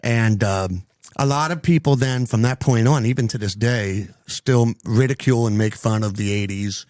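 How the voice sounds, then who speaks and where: A man's voice: medium pitch, moderate pace, darkish tone, no room sound, clean studio sound. A middle-aged man hosting a casual podcast chat, rambling with lots of ums and restarts. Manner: rambling, many fillers and restarts. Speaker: podcast host.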